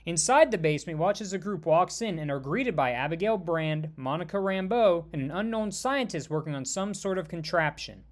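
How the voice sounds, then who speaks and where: A man's voice: fairly high pitch, expressive, fairly quick, hardly any pauses. Man narrating a fan-made superhero story.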